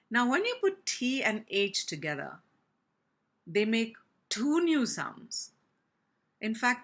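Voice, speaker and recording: Woman speech teacher, slow and careful, bright slightly husky voice, spells out sounds. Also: medium pitch. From India. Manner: slow, deliberate, demonstrates sounds with exaggerated articulation. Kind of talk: pronunciation lesson.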